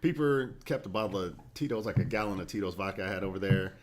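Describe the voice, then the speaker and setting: A man co-hosting a podcast in casual chat, laid-back, swearing and giving shout-outs. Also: deep voice, fast talker. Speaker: podcast co-host.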